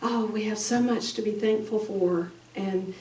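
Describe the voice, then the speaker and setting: Slow, halting woman in an echoey room. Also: medium pitch, steady tone, dark tone. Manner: slow, halting, emotional storytelling. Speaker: bereaved mother speaking at a conference. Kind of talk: personal testimony. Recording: echoey room, distant mic.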